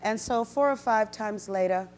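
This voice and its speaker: A woman storyteller giving an animated talk to a university audience, acting out the people she quotes. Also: normal speed, faint music behind. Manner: animated, acts out quotes with big pitch jumps. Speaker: storyteller and guest speaker. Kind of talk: storytelling lecture. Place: university event, in front of an audience.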